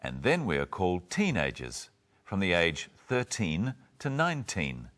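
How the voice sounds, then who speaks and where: A man co-teaching English, with expressive intonation and playful example dialogues. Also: low-pitched, unhurried. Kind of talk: lively teaching with playful role-play.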